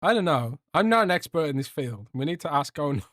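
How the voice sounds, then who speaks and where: A man's voice: a little high, big pitch swings, fast, fairly bright tone, no echo, clean studio sound. A young man hosting a casual livestream podcast, joking and rambling as he reads out chat. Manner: rambling, joking, swears a lot, trails off. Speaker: podcast host reading live chat.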